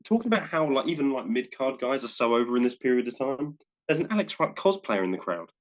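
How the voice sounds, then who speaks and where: A man's voice: mid-range voice, sing-song, fast, dull audio. A man co-hosting a podcast, casually recapping wrestling matches and often repeating words as he goes. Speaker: podcast co-host. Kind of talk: casual wrestling review chat.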